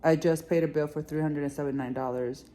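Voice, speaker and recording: A woman dog vlogger chatting casually, coaxing her dog in a soft voice and telling the story in lively slang. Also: low-pitched, quick pace. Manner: animated, swearing slang. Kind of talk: casual vlog chat.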